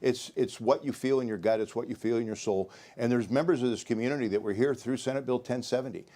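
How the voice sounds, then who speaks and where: A man's voice: medium pitch, fast talker, mellow. A middle-aged man, a sheriff candidate, answering a debate question earnestly, repeating words and listing points. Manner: earnest, repetitive, lists points.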